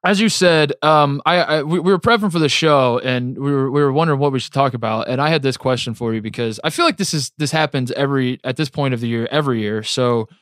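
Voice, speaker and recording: A man's voice: medium pitch, fast, few pauses, a bit bright, no room sound, studio quality. A man co-hosting a podcast in casual chat, rambling and self-mocking with frequent restarts. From American Midwest. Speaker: podcast co-host.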